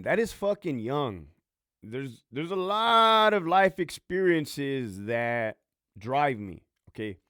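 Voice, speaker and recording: A man's voice: fairly low pitch, dry recording, clean studio sound. Fields: Sex: man. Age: 30s. Origin: from Southern California. Role: podcast host and former prison lieutenant. Style: casual Q&A storytelling, blunt and heavily profane.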